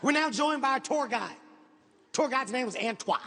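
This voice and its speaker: A man performing stand-up comedy on stage, telling a story in a loud, animated, profane way. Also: very high voice, moderate pace. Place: stage before a live audience. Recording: echoey hall, faint noise.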